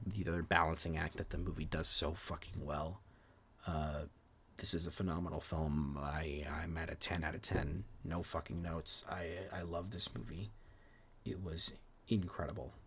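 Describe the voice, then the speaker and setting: Sitting low with a fairly bright tone, this male voice has a slight hiss or hum behind it. He's a film podcast co-host who chats casually and gives frank reviews full of swearing, restarting words now and then and occasionally sinking almost to a whisper.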